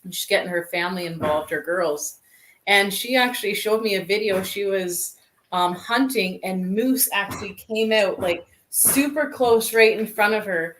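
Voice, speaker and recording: A woman's voice: medium pitch, normal speed, fairly bright tone. A woman co-hosting a live chat show, talking casually and relaying viewer comments with many fillers. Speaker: co-host reading viewer comments.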